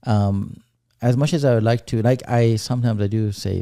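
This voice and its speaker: A man co-hosting a podcast, talking things over in a reflective, unhurried way. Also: medium pitch, fairly even intonation, warm tone, no echo, clean studio sound. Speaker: podcast co-host. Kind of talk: casual chat.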